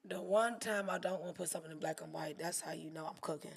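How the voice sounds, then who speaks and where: A woman photographer commenting live while editing photos, talking to herself, swearing freely, and swinging from loud outbursts to hushed murmurs. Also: low-pitched, fast talker, vocal fry, slightly rough. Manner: profane, talks to herself. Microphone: streaming setup mic.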